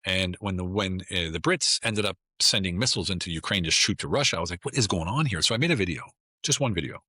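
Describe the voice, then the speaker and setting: A man's voice: sits low, lively intonation, fast, sharp tone, dry recording. A middle-aged American man, a guest on a casual podcast, talking in a blunt, emphatic way and often repeating himself. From United States.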